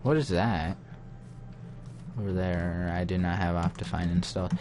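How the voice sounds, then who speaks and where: A man's voice: deep voice, fairly even intonation, normal speed, background noise. A young man muttering to himself as he comments casually on his game, getting easily frustrated. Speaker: gaming channel host.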